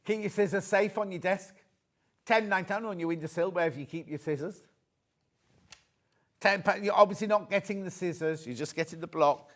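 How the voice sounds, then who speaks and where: A man's voice: high-pitched, brisk, fairly bright tone. A man presenting on a live shopping channel, chatty and rambling with joking asides.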